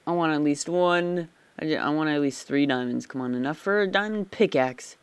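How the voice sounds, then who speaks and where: A man's voice: a little high, moderate pace, clear, resonant tone, dry recording. A man giving rambling, chatty commentary while playing a game, easily startled. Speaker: let's play gamer. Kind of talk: casual gameplay commentary.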